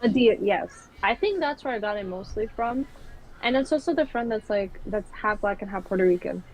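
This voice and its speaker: Young woman guest, rambly, lots of likes and ums, middle-pitched voice. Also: lively intonation, normal speed, lo-fi sound, slight background noise. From New York City. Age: young adult. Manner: rambling, many fillers and restarts. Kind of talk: casual chat.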